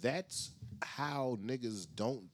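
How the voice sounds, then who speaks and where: A man co-hosting a casual podcast, animated and self-mocking, laughing often. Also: medium pitch, drawn-out words, dry recording. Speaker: podcast co-host. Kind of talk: casual chat.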